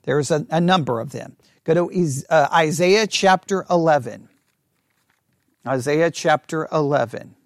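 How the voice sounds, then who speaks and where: A man teaching a Bible class, thinking out loud and checking in with listeners often for agreement. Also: fairly high pitch, a little slow, no echo, clean studio sound. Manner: talks through ideas out loud with restarts.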